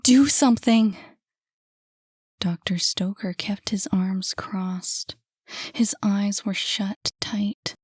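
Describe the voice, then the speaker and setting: Slow soft woman reading a novel, hushed, dry close mic. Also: mid-range voice, little pitch movement, husky, dry recording. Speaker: audiobook narrator. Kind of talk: scripted narration.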